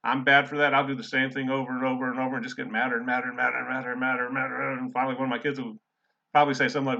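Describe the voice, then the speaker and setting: A middle-aged man talks through a course assignment in a loose, rambling way, full of ums and uhs. His voice is bright and forward, at a middle pitch for a man. The recording sounds a little dull and lo-fi, like a desktop mic during a screen share. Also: level tone, very fast, creaky. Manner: casual, rambling, many fillers. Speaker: college English instructor. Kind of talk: recorded class lecture. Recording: slightly dull lo-fi audio.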